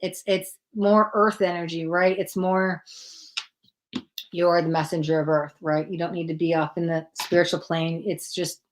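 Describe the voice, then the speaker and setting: A woman's voice: on the low side, level tone, moderate pace, slight background noise. Chatty woman hosting a tarot livestream. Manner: chatty, greets and thanks viewers by name; self-deprecating, stumbles over names. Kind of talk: casual livestream chat.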